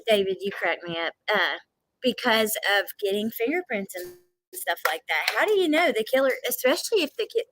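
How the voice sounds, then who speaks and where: A woman from Georgia with a Southern accent chatting on a livestream and reading out chat comments, animated and laughing often, with a runny nose. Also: a little high, low-quality recording. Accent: Southern American. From Georgia, United States.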